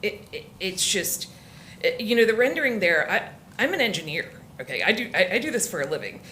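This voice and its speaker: A woman's voice: medium pitch, sing-song, sharp tone, a little hiss or hum. Emotional woman at public comment. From Florida. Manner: emotional, halting, many restarts. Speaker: resident speaking at public comment. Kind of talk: public comment at a council meeting.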